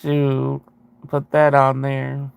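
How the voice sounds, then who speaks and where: A man's voice: mid-range voice, monotone, extremely slow, gravelly, clean tone, dry recording. A man hosting a casual video chat, reading viewer comments aloud with a rambling, self-interrupting way of talking and frequent laughs.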